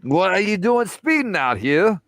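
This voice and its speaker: Guy doing a jokey british cop bit, high put-on voice, bossy and scolding. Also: sing-song, very slow, bright, forceful tone, no echo, studio quality, full character voice. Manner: mock-stern, exaggerated scolding.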